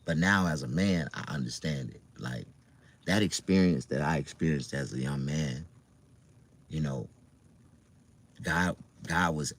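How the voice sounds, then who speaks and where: Middle-aged Southern man, very low voice, loose and profane, chatting his life story to viewers. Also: a little slow, long pauses, husky. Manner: loose, profane, conversational with many fillers. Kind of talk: casual livestream storytelling.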